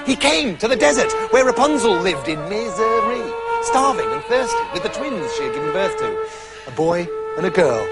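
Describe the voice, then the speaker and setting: Man, storyteller, comic fairy tale, theatrical, playful, high lively voice.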